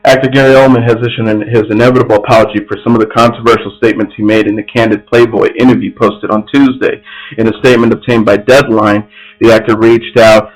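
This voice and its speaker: A man's voice: fairly low pitch, flat delivery, fast, poor audio. A man hosting an entertainment news podcast, reading stories aloud with frequent slips and restarts.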